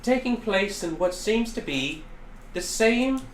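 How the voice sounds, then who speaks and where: Brief: young male podcast host, lively teasing delivery, roomy echoey room. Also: high-pitched, slow. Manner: teasing, laughing, jumps in excitedly. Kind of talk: casual chat. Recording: roomy echo, faint hiss.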